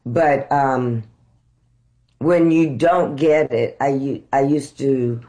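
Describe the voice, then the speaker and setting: A middle-aged actress telling candid stories about auditions, unhurried and reflective, growing animated as she retells them. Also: extremely low pitch. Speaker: actress guest. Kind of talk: candid conversational storytelling.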